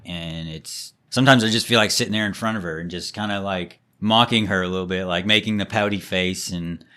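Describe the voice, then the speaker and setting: A man's voice: low-pitched, fairly quick, pushed and bright. A man co-hosting a casual podcast chat, laid-back, acting out his toddler's replies as he tells stories. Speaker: podcast co-host.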